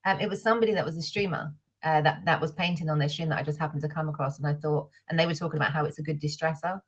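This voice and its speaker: A woman with a Southern English accent, a guest on a live stream, talking slowly and modestly with pauses and little laughs. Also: sits low, steady tone, breathy edge, dull audio. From Southern England.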